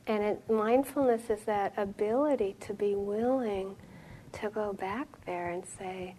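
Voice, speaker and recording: A middle-aged woman giving a dharma talk as a meditation teacher, reflective and storytelling, with soft pauses. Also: mid-range voice, slight background noise, poor audio.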